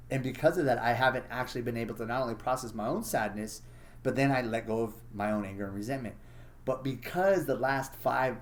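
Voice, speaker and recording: A man hosting a casual solo monologue, blunt and profane, acting out his own inner thoughts as he talks. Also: mid-range voice. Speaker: podcast host.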